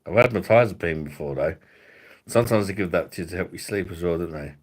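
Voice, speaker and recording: A man with a low, deep voice hosting a loose livestream, chatting straight to his viewers. He swears freely, jokes crudely and greets people from the chat by name. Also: animated, brisk, breathy edge. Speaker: livestream host.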